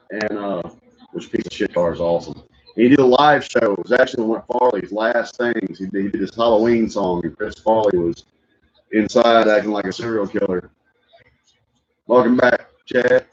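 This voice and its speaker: A man hosting a reaction stream, chatting casually and telling animated stories with frequent laughter. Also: fairly low pitch, moderate pace. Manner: animated storyteller who laughs often and slips into impressions. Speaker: stream host reacting to videos. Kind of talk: casual chat. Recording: muffled lo-fi audio.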